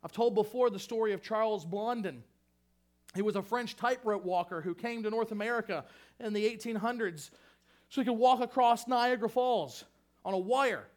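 A pastor delivering an impassioned sermon, emphatic and repetitive, swinging from raised fervor to hushed intensity. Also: male voice, high-pitched, normal speed. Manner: impassioned, emphatic preaching with repeated phrases.

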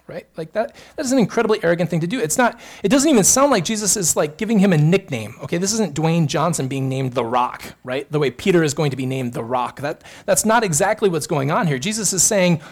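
A male pastor preaching a sermon with earnest emphasis, rising on key points and adding quick asides to the congregation. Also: a little high, animated.

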